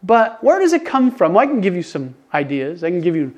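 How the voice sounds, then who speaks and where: An older man preaching to his congregation in a conversational, animated way, often restarting his sentences and getting excited. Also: sits high, brisk. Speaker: pastor. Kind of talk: conversational sermon.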